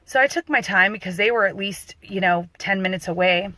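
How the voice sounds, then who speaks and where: A woman working as a doula, telling a personal story in a loose, animated way with fillers and restarts. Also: medium pitch, brisk, no room sound. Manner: animated, acts out quoted voices.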